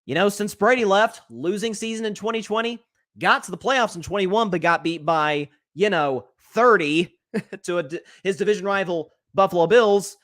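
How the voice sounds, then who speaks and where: A man hosting a sports talk show, giving opinionated solo commentary in an animated way, with frequent restarts. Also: high voice.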